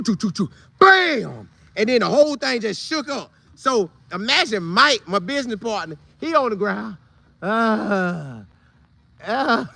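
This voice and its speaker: A man telling a funny old football story casually, with loud sound effects and vivid retelling. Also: very high voice, gravelly, no echo. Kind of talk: animated storytelling.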